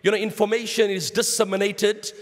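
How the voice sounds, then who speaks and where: Here the preacher is brisk, his high-pitched voice holding a level tone. He's an Islamic lecturer with a South African accent giving a mosque sermon, storytelling, addressing his brothers and slipping in Arabic. Long mosque-hall reverb surrounds the recording.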